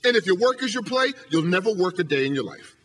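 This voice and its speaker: Man giving a podium motivational talk, high and bright, emphatic, rhetorical. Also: big pitch swings, fast talker. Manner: emphatic, hammering rhetorical questions. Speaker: motivational speaker and professor. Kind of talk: motivational speech. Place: lecture hall podium.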